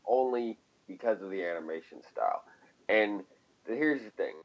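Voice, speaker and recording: A man's voice: on the low side, muffled recording. A man co-hosting a casual podcast chat, profane and ranting, laughing often. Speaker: podcast co-host.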